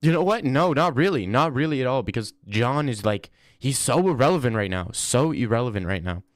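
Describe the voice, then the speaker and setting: A young man hosts a casual livestream, talking through viewer comments in a loose, rambling, slangy way. His voice sits at an ordinary middle pitch. The sound is dry and close, with no room echo. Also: lively intonation, a little fast. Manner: rambling, slangy, says "bro" often. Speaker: livestream host.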